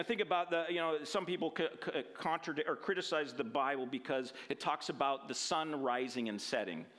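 Casual man teaching the Bible. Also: mid-range voice. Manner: casual, animated, frequent tag questions and restarts.

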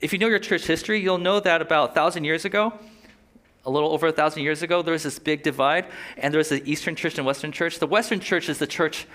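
A pastor delivers a sermon in a loose, talkative manner. His voice sits a little high for a man, and he breaks off into quick asides and short laughs. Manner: animated, conversational preaching with quick asides and laughs.

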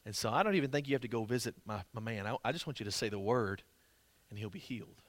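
Brief: male preacher doing a low, hushed Roman centurion, earnest and pleading, dry close sound. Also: fast, dry recording, close to an everyday voice.

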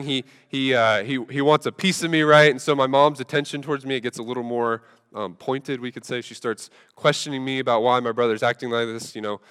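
Man preaching with a smooth, resonant voice. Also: medium pitch, fairly even intonation, a little fast, fairly bright tone. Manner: humorous storytelling, conversational with frequent fillers. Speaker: pastor. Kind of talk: sermon. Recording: long reverb from a large hall.

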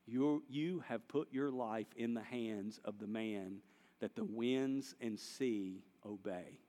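A man preaching a sermon, swinging between hushed and loud passages. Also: fairly low pitch, slow pace, big-room sound. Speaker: pastor.

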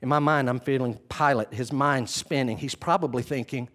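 A man preaching a sermon in an animated, conversational way, retelling scenes dramatically. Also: medium pitch, normal speed, few pauses.

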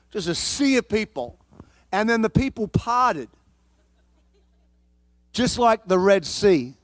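A male pastor preaching a sermon, telling a personal story in an animated, comic way and often repeating and restarting his words. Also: high-pitched, dry recording.

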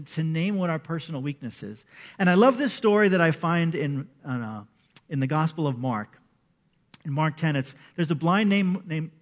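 A male pastor preaching a sermon in a conversational, animated way, acting out the people he quotes. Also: a little high.

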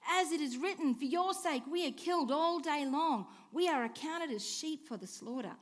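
A woman preaching a sermon, asking rhetorical questions and swinging between hushed and emphatic lines. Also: high-pitched. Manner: expressive, swings from soft hush to emphatic declaring; slow, deliberate delivery with rhetorical questions.

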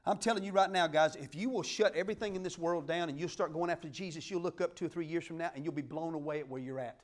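A middle-aged man preaching a sermon, fervent and emphatic, swinging between loud declarations and quiet asides. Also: fairly high pitch, fast. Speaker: pastor.

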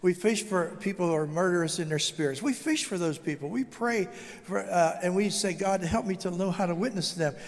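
An older man preaching a testimony sermon as a guest speaker, telling his story with animated, acted-out dialogue. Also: high voice, a little fast. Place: church sanctuary. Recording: long hall reverb.

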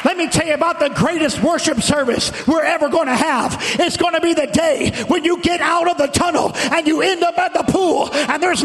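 A male pastor preaching a sermon in a shouting, rhythmic cadence, with music and a congregation behind him. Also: very high voice, a little hiss or hum. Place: church sanctuary. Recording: church hall reverb with music and congregation.

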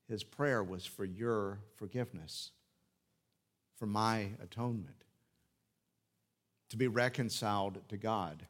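Earnest male pastor preaching. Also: mid-range voice. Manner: earnest, asks rhetorical questions and repeats key phrases; explains scripture phrase by phrase. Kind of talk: expository sermon.

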